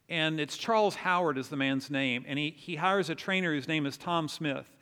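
A man preaching a sermon, telling a story in an animated way and acting out the quotes. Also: a little high, clean tone. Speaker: pastor. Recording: long reverb of a large hall.

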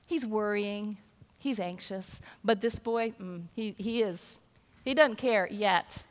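An older woman pastor delivers a sermon slowly at medium pitch, telling conversational stories and acting out the voices of the people in them. She's in a large church sanctuary, and the recording carries long hall reverb.

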